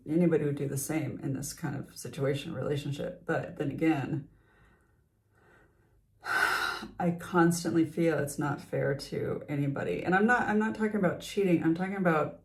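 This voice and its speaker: A woman's voice: low voice, moderate pace. A middle-aged woman talking to the camera in a casual personal vlog, confiding, with frequent laughs, sighs and restarted sentences. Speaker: vlogger.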